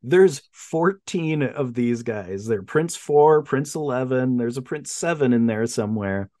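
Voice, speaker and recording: A man's voice: mid-range voice, lively intonation, measured pace, mellow, dry recording, clean studio sound. A man co-hosting a podcast, chatting casually about a film and acting out the characters' lines as he retells the plot. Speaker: podcast co-host.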